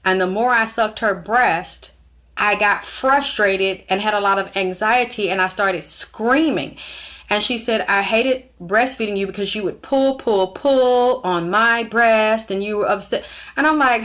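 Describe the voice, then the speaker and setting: A woman's voice: mid-range voice, fairly bright tone. A woman giving a blunt, profane personal monologue, emotionally charged as she recounts her life.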